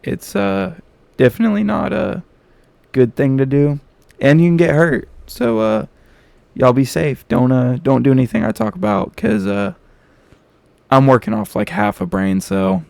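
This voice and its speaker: A man's voice: sits high, lively intonation, unhurried, creaky, darkish tone, dry recording. A man telling a story from his school days in a casual, slangy, self-mocking way, close to the mic.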